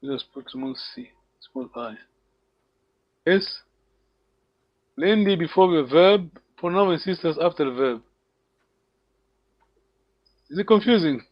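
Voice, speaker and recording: A man teaching an online language lesson, patient and encouraging, repeating words slowly for his students. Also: on the high side, animated, dry recording. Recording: dull lo-fi call audio.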